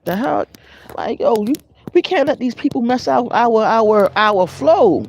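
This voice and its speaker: A man's voice: extremely high pitch, moderate pace, gravelly, a little hiss or hum. A man giving a casual motivational spiritual talk to his viewers, greeting them by name as he goes. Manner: animated, conversational, addresses live viewers by name. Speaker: spiritual vlogger.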